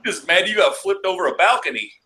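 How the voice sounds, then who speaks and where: A man from Texas telling rowdy bar-fight stories in casual chat, profane and laughing, acting out quotes in shouts. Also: high voice, expressive, quick pace, a little hiss or hum, low-quality recording.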